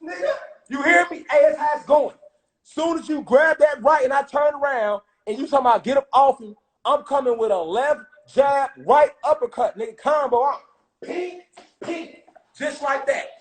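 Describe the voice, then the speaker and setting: A man telling a spiritual story in casual, profane street slang, getting loud and excited at times. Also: very high voice, normal speed. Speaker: speaker.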